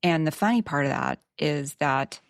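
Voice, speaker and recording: A woman's voice: sits low, animated, normal speed, gravelly, dry recording, studio quality. A woman with a Texan twang, talking reflectively as a guest on a podcast. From Texas. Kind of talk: casual podcast conversation.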